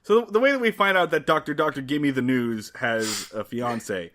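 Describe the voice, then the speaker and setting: A man's voice: medium pitch, normal speed, a bit bright. A man co-hosting a podcast, recapping an old TV episode in casual chat, wry and exasperated, acting out characters' lines. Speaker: podcast co-host.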